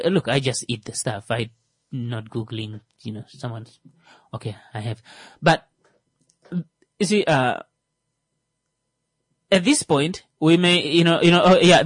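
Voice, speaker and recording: With a mid-range voice and no echo, this man does stand-up full of energy. He stumbles through fillers and restarts, alternating between booming, climbing punchlines and quiet mumbled asides.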